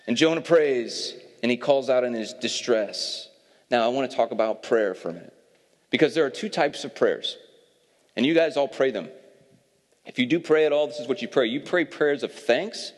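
A pastor giving a sermon, reading scripture aloud and explaining it with casual asides. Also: male voice, medium pitch, normal speed. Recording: long reverb of a hall.

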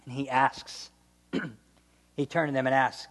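Animated man preaching in a reverberant hall. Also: medium pitch, takes it slowly. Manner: animated, jokey storytelling with laughs and playful voices. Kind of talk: humorous sermon.

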